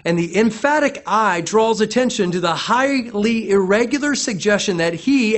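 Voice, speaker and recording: A man delivers a sermon in an animated preaching style. His voice sits a little high for a man. He often acts out the voices of the people he quotes and repeats words as he builds emphasis. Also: moderate pace, few pauses. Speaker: pastor.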